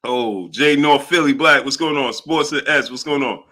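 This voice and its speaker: A man hosting a casual boxing livestream, giving shout-outs and laughing often as he talks. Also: medium pitch, moderate pace. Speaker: livestream host.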